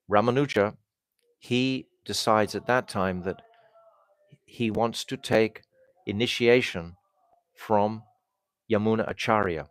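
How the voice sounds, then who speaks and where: Low male preacher, halting storyteller, close and dry. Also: no room sound. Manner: halting, with restarts and fillers. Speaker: swami giving a spiritual talk. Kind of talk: storytelling sermon.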